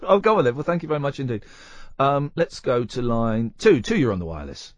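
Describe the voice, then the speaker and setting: A man's voice: mid-range voice, big pitch swings, a little fast, dry recording. A man hosting a late-night radio phone-in, jokey and rambling, bantering with callers. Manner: jokey, rambling, laughs often. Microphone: studio mic.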